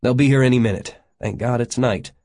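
Clipped urgent fugitive man, read by a male narrator, mid pitch, storybook. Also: a little fast, a little mellow, natural voice. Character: terse hurried man on the run. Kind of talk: audiobook reading.

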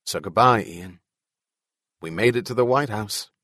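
A man's voice: on the low side, measured pace, fairly bright tone, no room sound, studio quality. A man voicing a wry, resigned man saying a farewell.

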